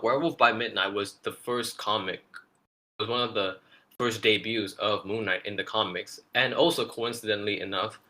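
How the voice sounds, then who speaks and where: Rambling man with a bright voice. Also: lowish voice. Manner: rambling, lots of fillers and restarts. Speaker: podcast co-host. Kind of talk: casual trailer breakdown chat.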